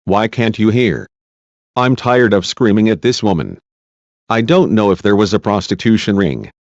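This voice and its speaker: An agitated, worn-out female witness, read by a man in his own low voice, snapping back and defiant. The recording is dull and lo-fi with a dry close sound. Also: animated, moderate pace, a little mellow, no echo. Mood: exasperated.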